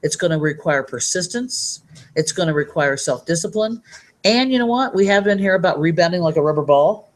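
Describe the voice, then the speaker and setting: A woman's voice: fairly low pitch, lively intonation, brisk. A woman giving a motivational training talk to her team. She talks in an upbeat, rambling way and reads sayings aloud from a handout. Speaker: network marketing trainer.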